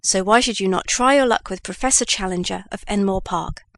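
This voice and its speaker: Brief: a woman reading an old, kindly newsroom editor for an audiobook, mid-pitched, dry close sound. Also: brisk, no room sound, natural voice. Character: kindly old male Scottish news editor.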